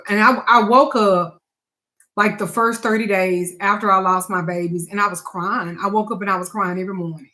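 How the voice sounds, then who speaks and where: A woman's voice: mid-range voice, steady tone, moderate pace, bright, forceful tone. A woman speaking to her audience as a spiritual advisor and tarot reader, frank and emphatic, with blunt swearing. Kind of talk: candid talk to camera.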